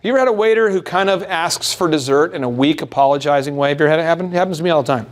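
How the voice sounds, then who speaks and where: A man's voice: a little high, racing, a little hiss or hum. A man coaching a live workshop audience, emphatic and repeating key points with rhetorical questions. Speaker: business coach. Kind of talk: motivational workshop talk.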